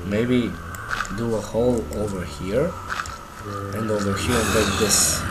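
Excitable young gamer man, slow talk. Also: fairly low pitch, background noise. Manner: excitable, swears often, reacts loudly. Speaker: gamer playing the game. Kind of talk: casual gameplay commentary.

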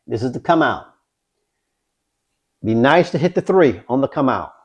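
A man vlogging his craps practice, talking viewers through each throw with excitement. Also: mid-range voice, normal speed, husky. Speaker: dice-control craps vlogger. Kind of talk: casual play-by-play while throwing dice.

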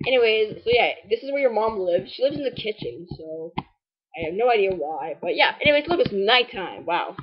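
A woman's voice: medium pitch, very animated, moderate pace, breathy edge, highs cut off. A woman casually commenting on a game walkthrough, rambling and sarcastic with lots of "like" and "anyways". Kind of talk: casual let's-play commentary.

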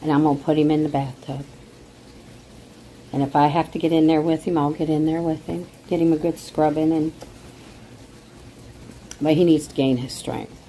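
A woman's voice: low-pitched, level tone, moderate pace, long pauses, dark tone, a little hiss or hum, poor audio. A middle-aged woman vlogging at home on her phone, chatting casually, rambling, emotional and indignant. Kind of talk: casual chat to camera.

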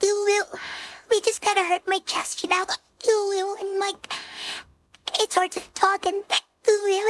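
A woman voicing a tall young wolf girl who keeps hiccupping, speaking in a squeaky, flustered, halting way in an audio role-play. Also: slight background noise. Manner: flustered, pleading, halting speech. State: hiccupping constantly.

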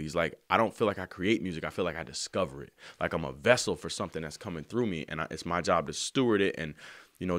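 A man telling an emotional story about writing a song, earnest and slangy, sometimes softly singing lines. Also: low voice, no room sound, clean studio sound. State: choked up. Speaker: songwriter. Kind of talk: heartfelt spoken testimony.

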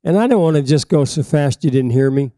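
Older male pastor teaching, coughing now and then, slightly high and very dark voice, dry close sound. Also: expressive, a little fast, no echo. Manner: emphatic, rising to forceful peaks then dropping to asides. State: coughing, frog in his throat. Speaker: preacher. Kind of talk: sermon teaching.

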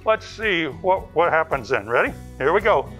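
A man's voice: a little high, very animated, moderate pace, a bit bright, faint music behind. A man playing a goofy, rambling forest ranger in a children's church video, chatty and bumbling with lots of repeated yeahs. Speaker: children's ministry character.

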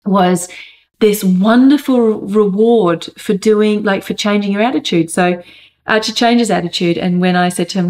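A woman and mother giving an earnest, thoughtful update on family life, pausing often as she gathers her thoughts. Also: fairly low pitch, fairly even intonation, darkish tone. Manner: earnest, thoughtful, hesitant with many pauses. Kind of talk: reflective personal update.

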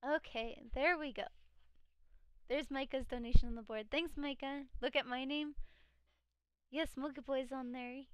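A tired woman streamer with a high voice, chatting loosely with her viewers and reading out their messages. Her voice cracks now and then. The sound is dry and close, with no room in it. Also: steady tone, measured pace, long pauses, no echo. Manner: chatty, reads chat aloud, frequent laughs. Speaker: live streamer. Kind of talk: casual live-stream chat.

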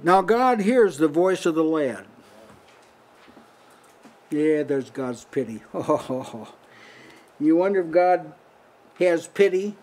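A man's voice: a little high, lively intonation, slow pace, long pauses, a little mellow. An older man teaching from the Bible in a small house church, conversational, chuckling often and lifting his voice when quoting. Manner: conversational, breaks into lifted voice for quoted lines, frequent short laughs. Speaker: preacher.

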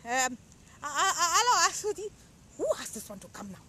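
Bossy auntie played by a woman, high lively voice, nags and teases nonstop, fast talker. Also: noisy background. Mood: bossy, teasing. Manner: chatty, teasing, scolding. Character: loud bossy middle-aged aunty matriarch. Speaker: show host. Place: outdoors at a beach.

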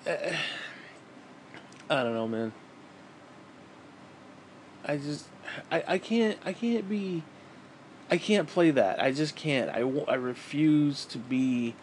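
A man's voice: on the high side, a little hiss or hum. A man venting in a bitter, profane, rambling monologue to camera as a vlogger, often restarting his sentences.

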